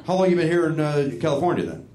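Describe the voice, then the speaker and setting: A man hosting a casual comedy podcast, joking and laughing through quick banter. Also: on the high side, echoey room, a little hiss or hum. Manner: animated, quick to laugh, jokey. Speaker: podcast host.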